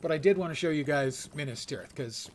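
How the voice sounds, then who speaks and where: A man's voice: fairly high pitch, brisk, slight background noise. An older man casually commenting on his gameplay while streaming, chatty and wry, with muttered asides to chat. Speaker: game streamer.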